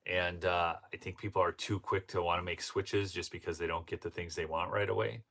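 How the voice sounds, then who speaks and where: A man's voice: low-pitched, little pitch movement, brisk, creaky, fairly bright tone. A man from northern Minnesota hosting a casual commentary livestream, rambling and chatty with many fillers and restarts. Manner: breaks into laughter while telling stories. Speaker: show host.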